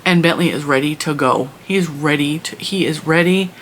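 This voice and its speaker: A woman's voice: low-pitched, normal speed, fairly bright tone, a little hiss or hum. A woman telling a long story in a casual vlog, chatty and rambling with lots of restarts. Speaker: vlogger and mother.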